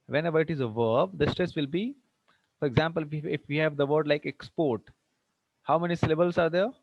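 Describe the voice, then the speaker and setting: A man's voice: a little high, no room sound. A man teaching a class, repeating points and often asking whether students are following. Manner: keeps checking understanding with questions; repeats and restarts to stress a point. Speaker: English teacher. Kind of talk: classroom lecture on word stress. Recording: dull dry lo-fi recording.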